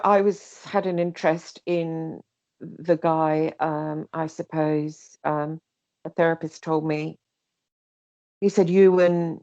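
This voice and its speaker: Animated woman telling a story. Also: deep voice, dry recording, muffled recording. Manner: rambling, animated, mimics others' voices. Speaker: guest. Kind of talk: casual personal storytelling.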